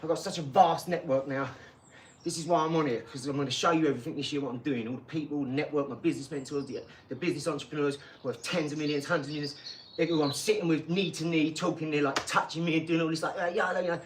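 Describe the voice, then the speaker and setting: Brash forties streamer, bit high-pitched, combative and mocking, faint hum of the garage behind. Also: male voice, steady tone, fast talker. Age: 40s. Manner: swaggering street slang. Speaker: livestream host. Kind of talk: ranting live stream chat.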